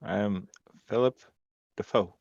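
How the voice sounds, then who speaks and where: A man playing a tabletop game, speaking in a low-key, measured way. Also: vocal fry, a little mellow, no room sound, dull audio. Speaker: player. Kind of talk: tabletop role-play.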